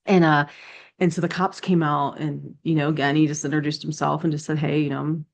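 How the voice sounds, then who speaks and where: A woman with a notably low voice tells a story in a relaxed, conversational way. She talks like a friend in a devotional chat, filling gaps with "um" and "like" and acting out what others said. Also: fairly quick, gravelly. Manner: chatty and animated, with many fillers and acted quotes. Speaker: ministry devotional speaker. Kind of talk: casual spoken testimony.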